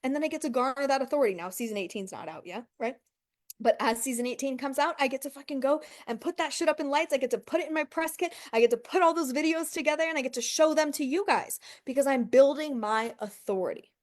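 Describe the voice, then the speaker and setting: A woman's voice: high-pitched, fast talker. A woman giving an emphatic motivational coaching talk, swearing freely and speaking straight to her viewers with rhetorical questions. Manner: rhetorical questions and frequent "okay" and "right". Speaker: business coach.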